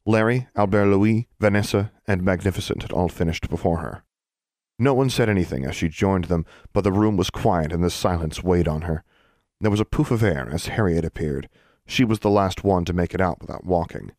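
Studio-quality audio captures a low-pitched man giving a steady, measured audiobook narration from a script. There is no echo.

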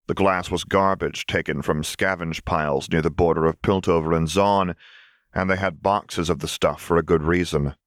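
A man reading fan fiction aloud as an audiobook narrator, in a calm, measured storytelling manner. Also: deep voice, no room sound, clean studio sound.

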